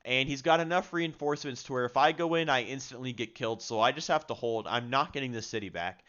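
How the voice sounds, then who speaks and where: Young male gamer, casual filler-heavy commentary, smooth voice, slightly dull lo-fi recording. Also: medium pitch, fast talker, a bit bright. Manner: chatty, frequent fillers, self-deprecating. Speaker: gaming video creator.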